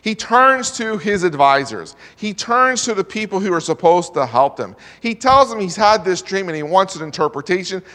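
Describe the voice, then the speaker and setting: A man's voice: high-pitched, lively intonation, moderate pace, hardly any pauses, sharp tone, long reverb tail. A man preaching a sermon, reading scripture aloud and then retelling it in his own plain words. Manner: earnest preaching, reads scripture in King James wording. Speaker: pastor.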